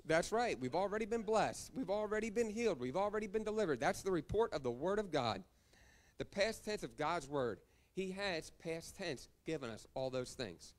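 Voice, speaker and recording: A man preaching a sermon to his church, his voice sitting a little high for a man. He moves through scripture references one after another, then calls out to the congregation for an amen. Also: expressive, moderate pace. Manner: preaching, reading scripture references and calling for amens. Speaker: pastor.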